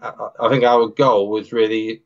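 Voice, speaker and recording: A man with a fairly low voice explains things in a calm, matter-of-fact way as a podcast guest. His sound is dull and a bit lo-fi. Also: moderate pace. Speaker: guest, hiking father. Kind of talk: interview.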